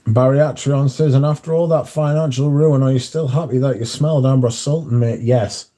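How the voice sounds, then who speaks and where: A man's voice: medium pitch, fairly even intonation, a little fast, dark tone. A man hosting a livestream in casual chat, reading out viewer comments and answering them in a dry, offhand way.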